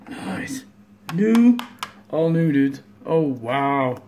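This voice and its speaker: An unhurried, drawn-out speaker chatting casually to viewers beside a pinball machine indoors. They think out loud and burst into excited exclamations. A faint hiss sits under the voice. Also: mid-range voice. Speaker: pinball hobbyist showing a repair. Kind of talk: casual vlog narration to viewers.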